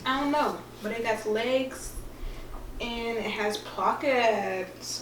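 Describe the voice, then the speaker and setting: A woman's voice: fairly high pitch, slow, slight background noise. Rambling, playful young woman vlogger. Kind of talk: casual vlog chat.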